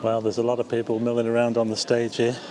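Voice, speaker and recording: Excitable man touring a theatre. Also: medium pitch, quick pace, a crowd in the background. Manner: excited, exclaiming, chatty asides to viewers. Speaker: vlogger giving a tour. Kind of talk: walking tour commentary. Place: large theatre backstage and stairwells, indoors.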